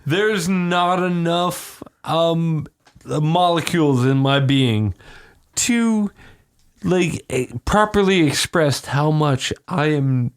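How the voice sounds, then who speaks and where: A man's voice: on the high side, expressive, takes it slowly, clean tone. A man co-hosting a podcast, bantering crudely in casual chat. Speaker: podcast co-host.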